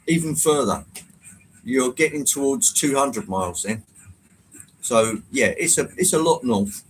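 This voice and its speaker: A man's voice: mid-range voice, slight background noise, low-quality recording. A man hosting a casual live stream, chatting, greeting viewers by name and poking fun at himself. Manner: chatty, reads out viewer comments and greets them by name, self-mocking. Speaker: livestream host.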